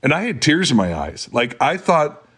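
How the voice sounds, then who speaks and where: A man's voice: fairly high pitch, normal speed, slightly rough. A middle-aged man, an actor guest on a podcast, talking casually and telling stories. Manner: storytelling, animated in anecdotes. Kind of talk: casual chat.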